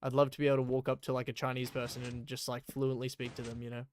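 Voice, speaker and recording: A man's voice: mid-range voice, monotone, rapid-fire, slight background noise. A man chatting casually and rambling while playing a game on a live stream, with many fillers.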